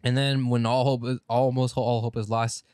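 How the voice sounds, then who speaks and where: A man's voice: medium pitch, flat delivery, moderate pace, a little mellow, smooth, no room sound, clean studio sound. A man co-hosting a podcast in casual chat, rambling through an anime plot, correcting himself and swearing casually. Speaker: podcast co-host.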